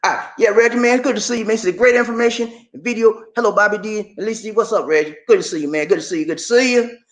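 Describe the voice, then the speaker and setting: A man's voice: sits high, fast. Male streamer, blunt and preachy, roomy echo. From Georgia, USA. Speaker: livestream host. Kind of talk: casual livestream chat. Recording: echoey room.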